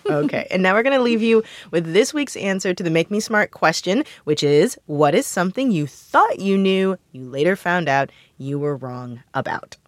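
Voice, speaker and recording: A woman's voice: lowish voice, animated, normal speed, few pauses, no room sound, studio quality. A woman co-hosting a show, chatting casually with lots of fillers. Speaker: co-host. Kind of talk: casual chat.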